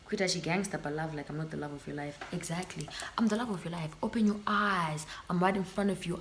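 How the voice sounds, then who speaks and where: A young Zimbabwean woman vlogging in a casual sit-down chat, sassy and animated, slipping into Shona phrases. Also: fairly low pitch, fairly quick, hardly any pauses, a little hiss or hum.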